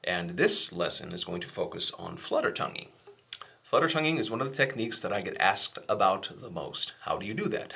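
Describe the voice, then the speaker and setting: A man giving a casual, chatty flute lesson, relaxed and a little self-deprecating. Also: on the low side, creaky. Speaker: flute teacher.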